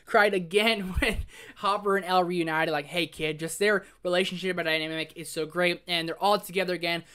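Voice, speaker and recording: Fast-talking, gushing male reviewer. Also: high voice, clean tone. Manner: excitable, gushing, heavy use of "like"; swings between loud exclamations and hushed emotional asides. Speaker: film review host. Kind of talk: casual spoiler review.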